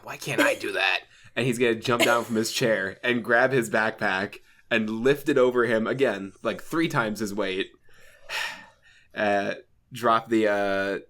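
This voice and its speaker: A man's voice: on the low side, fairly bright tone. A man playing a tabletop game, describing his character's actions with hesitant fillers. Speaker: player. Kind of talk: casual tabletop play.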